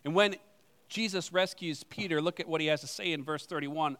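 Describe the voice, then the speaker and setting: A male pastor with a notably high voice preaches a sermon in a church sanctuary. He talks conversationally, tossing out rhetorical questions and poking fun at himself. His words ring out with a long reverb. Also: fairly quick, a bit bright. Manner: conversational, with rhetorical questions and self-deprecating asides.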